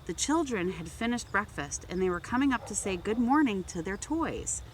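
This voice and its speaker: A woman volunteer reading a children's picture book aloud, gently narrating and lifting her voice for the toys. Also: medium pitch, expressive, moderate pace, a little hiss or hum. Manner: gentle storytelling, raising voice for toy characters. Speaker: volunteer reader.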